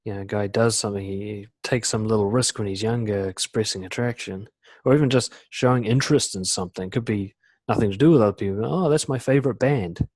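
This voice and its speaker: A man coaching in a casual webinar talk, full of "you know" and "like", acting out quoted lines in lively voices. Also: on the low side, quick pace, no room sound. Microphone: computer mic on a video call.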